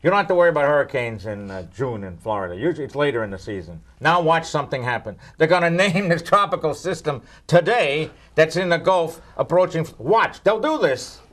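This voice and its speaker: An older man from New York answers weather questions in a jokey back-and-forth. His pitch is fairly high for a man and moves around a lot. He keeps teasing his co-host. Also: brisk, few pauses. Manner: wisecracking, teasing, lively. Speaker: meteorologist. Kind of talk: joking Q&A banter.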